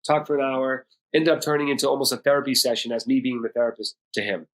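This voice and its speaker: Podcast guest, middle-aged man from Boston; candid, profane storyteller at a mid pitch. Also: little pitch movement, quick pace. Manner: blunt, heavy swearing. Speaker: podcast guest, music producer and DJ.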